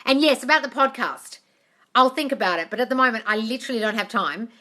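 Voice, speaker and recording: A woman with a bright, clear voice chats casually through a live question-and-answer stream, reading viewer comments aloud as she goes. She answers affectionately and keeps repeating her points for emphasis. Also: fairly high pitch, lively intonation, quick pace. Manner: repetitive, affectionate, calls viewers darling.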